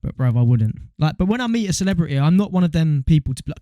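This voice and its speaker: A young man, co-hosting a casual podcast chat in quick, slangy banter. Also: fairly high pitch, big pitch swings, dark tone, no room sound. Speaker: podcast co-host.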